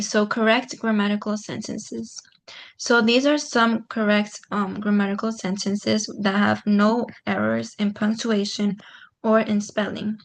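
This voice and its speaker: A woman's voice: medium pitch, gravelly. A woman teaching a grammar lesson online, explaining step by step in a patient way with frequent "um"s.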